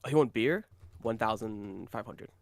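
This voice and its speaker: A British man co-hosting a podcast, chatting casually and telling animated stories with a lot of swearing. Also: on the low side, moderate pace, gravelly, no room sound, clean studio sound. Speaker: podcast co-host.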